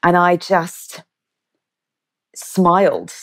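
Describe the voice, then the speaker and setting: A woman in her thirties with an English accent speaks very slowly in a fairly low, sing-song voice. As a podcast guest, she vividly retells a personal story in conversation, acting out the quotes.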